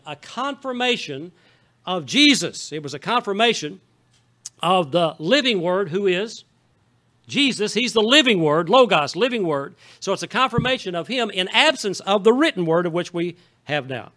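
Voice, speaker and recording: Folksy high-voiced Missouri pastor. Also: male voice, sharp tone. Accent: Southern Missouri. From Southeast Missouri. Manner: folksy and conversational, often checking in with the congregation. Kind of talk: sermon. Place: church sanctuary.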